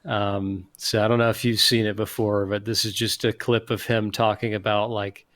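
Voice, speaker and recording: Low-voiced man hosting a chatty podcast. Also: moderate pace. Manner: relaxed, rambling, many fillers. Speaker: podcast host. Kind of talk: casual podcast chat.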